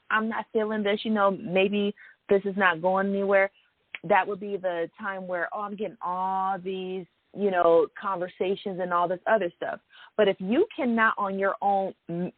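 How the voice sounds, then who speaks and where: A woman's voice: medium pitch, no echo. Woman, faith vlogger sharing a testimony, emphatic and earnest, thin phone-like sound, dry. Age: adult. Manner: earnest and emphatic, with many "you know" and "right?" asides. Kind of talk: personal testimony to viewers.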